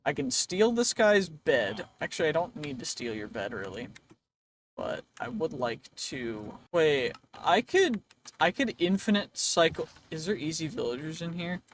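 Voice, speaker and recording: Playing a game, a young let's play host keeps up a chatty, jokey monologue to himself in a slightly worn voice. It's a little high and swings widely in pitch, his pace unhurried, with slight background noise.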